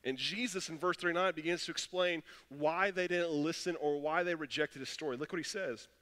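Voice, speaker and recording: A man's voice: fairly high pitch, fairly quick, fairly bright tone. A man preaching a sermon as pastor, passionate and acting out the voices he quotes. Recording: long echo of a church hall.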